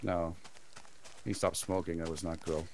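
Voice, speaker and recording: A man's voice: deep voice, little pitch movement, normal speed, creaky, slight background noise. A man streaming a co-op game with friends, joking around and breaking into bits of song. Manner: joking, bursts into snatches of song. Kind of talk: casual gaming chat.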